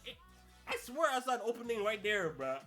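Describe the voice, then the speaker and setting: A man's voice: sits high, very animated, a little fast, pushed and bright, faint music behind. A young adult man hosting a podcast, talking in casual, slangy solo commentary and laughing through his rants. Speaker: podcast host.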